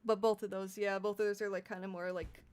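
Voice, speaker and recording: A woman's voice: mid-range voice, level tone, fast, darkish tone, clean tone. A young adult woman chatting casually on a live stream, giggly and rambling, laughing often. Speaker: VTuber streamer.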